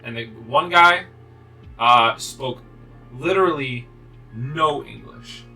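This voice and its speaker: A young man with a very bright, sharp-edged voice tells a rambling story in casual chat, swearing and restarting his sentences. He sits a little away from the mic, and game music plays faintly behind him. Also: mid-range voice, slow pace, far from the mic, poor audio. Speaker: gaming video co-host. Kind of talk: casual chat while playing.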